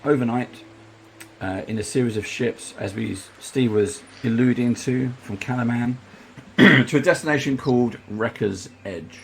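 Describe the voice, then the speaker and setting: A man acting as game master, narrating a tabletop game in a measured, explanatory way with hesitations. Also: mid-range voice, creaky, slight background noise.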